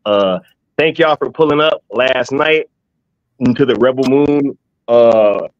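A man's voice: medium pitch, slow, dry recording. A man joining a live stream as a guest, talking in a hyped, slangy way with a few stammers. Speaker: guest from another channel. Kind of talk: casual live-stream chat. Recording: dull dry remote mic.

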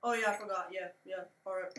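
Giggly Maryland woman playing games with a friend; bright voice, roomy recording. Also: medium pitch, steady tone, quick pace, slight background noise. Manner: giggly, curses casually. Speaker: gamer. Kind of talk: casual gaming chat.

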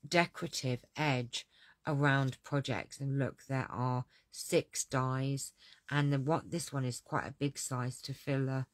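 A woman's voice: rumbling low, steady tone, unhurried, no room sound. A middle-aged woman chatting through a craft catalogue, gushing and repeating her praise. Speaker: crafting demonstrator. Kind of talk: casual product walkthrough.

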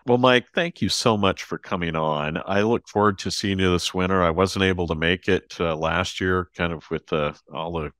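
A man hosting a podcast interview, friendly and halting, with many restarts. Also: low voice, a bit bright, dry recording, clean studio sound. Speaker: podcast host. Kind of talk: casual interview chat.

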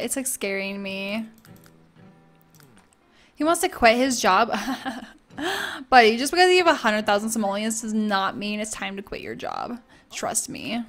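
A young woman gaming YouTuber gives bubbly, casual let's-play commentary, gushing and chatting with both her viewers and the game's characters. Her voice is a little high and a bit bright.

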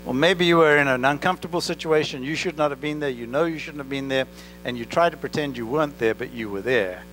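A pastor with an accent preaching a sermon in church, talking directly to the congregation and asking them questions. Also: male voice, mid-range voice, fast talker, fairly bright tone, soft background music, poor audio. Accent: non-native English accent. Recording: faint mains hum. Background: mains hum.

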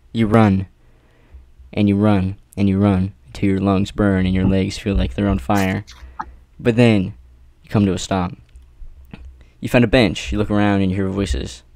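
A man narrating an adventure story in the second person, with theatrical pauses and rhetorical questions. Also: fairly low pitch, dark tone, no room sound. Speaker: narrator reading an AI-written adventure.

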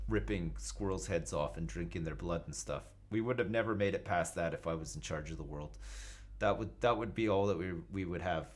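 A man casually commenting on his own space game live, joking, swearing and thinking aloud as he reads chat. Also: deep voice. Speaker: gaming livestreamer.

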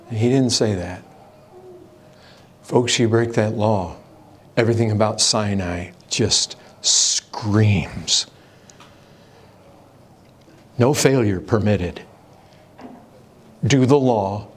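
A man preaching a sermon as pastor, impassioned, swinging from raised intensity to low hushed warnings. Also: slow pace, long pauses, slightly rough.

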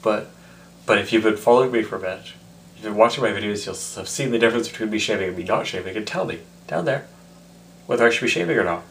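A man's voice: fairly low pitch, very fast, slight background noise. A tipsy man rambling in a casual, self-mocking vlog. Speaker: vlogger.

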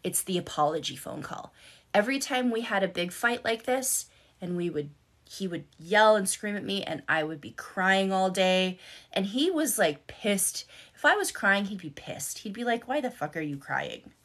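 A woman's voice: medium pitch, expressive, moderate pace, a bit bright. A middle-aged woman telling her own story on a live stream, candid, swearing freely and repeating words for emphasis. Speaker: life coach and content creator on a live stream.

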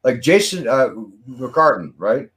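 A man's voice: mid-range voice, sing-song, takes it slowly, a bit bright. A man in casual podcast chat, earnest and musing, with lots of fillers. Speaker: podcast panelist.

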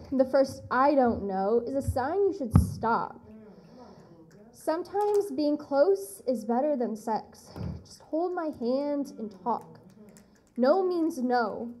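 A woman performing spoken word poetry on stage, deliberate and firm. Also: high-pitched, warm tone, rough recording. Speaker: slam poet. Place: live poetry event on stage.

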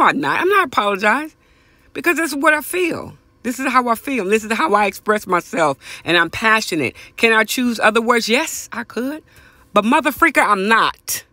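A man hosting a podcast, delivering a passionate, profane opinion rant that repeats phrases for emphasis and swings from high exclamations to low mutters. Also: pushed and bright, dry recording. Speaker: podcast host. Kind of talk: ranting opinion monologue.

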